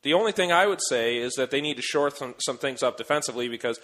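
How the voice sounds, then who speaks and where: A man's voice: medium pitch, animated, fast talker, a bit bright. A young man from Rochester co-hosting a sports radio show, teasing and opinionated in casual banter. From Rochester, New York. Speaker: radio co-host.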